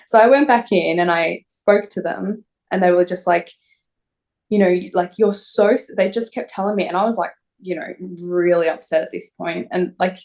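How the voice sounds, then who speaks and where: Young woman telling her story, low voice. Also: darkish tone. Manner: emotional, halting, many fillers. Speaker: interview guest.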